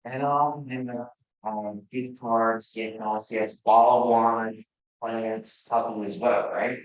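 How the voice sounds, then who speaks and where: A man giving an energetic, loosely delivered sales presentation to a group as a sponsor. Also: on the low side, slow pace, roomy sound, poor audio. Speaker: sponsor giving a product talk.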